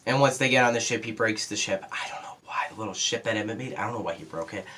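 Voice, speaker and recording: A teenage boy giving a casual spoiler review of a movie, rambling with lots of fillers and quick asides. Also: on the low side, pushed and bright. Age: teens.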